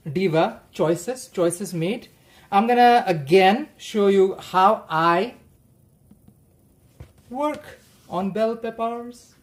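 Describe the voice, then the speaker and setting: A woman hosting a cooking livestream, chatting playfully and chanting silly sing-song phrases as she cooks. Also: a little high.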